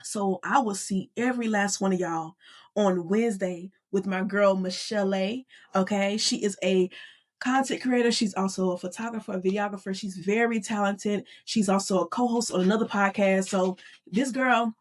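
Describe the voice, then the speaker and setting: A woman's voice: mid-range voice, normal speed. Emotional woman podcast host. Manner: animated, addresses listeners as y'all. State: emotional, near tears. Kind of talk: motivational podcast monologue.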